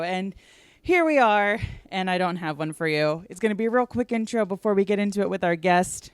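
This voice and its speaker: A woman's voice: lowish voice, expressive, moderate pace, clean tone, no room sound. A woman hosting a podcast, chatting casually with many fillers and a little out of breath. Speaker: podcast host.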